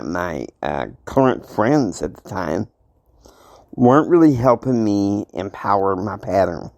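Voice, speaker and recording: A man's voice: fairly low pitch, gravelly, darkish tone, dry recording. A man hosting a self-help show, talking casually and motivationally in a rambling way, often checking in with the listener. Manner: rambling, keeps checking in with "okay?".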